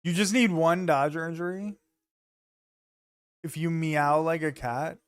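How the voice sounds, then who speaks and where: Casual male streamer at home, joking banter, slightly high voice, dry close sound. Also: a little slow, clean tone, dry recording. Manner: loose, joking banter with frequent swearing. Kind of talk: casual chat with live viewers.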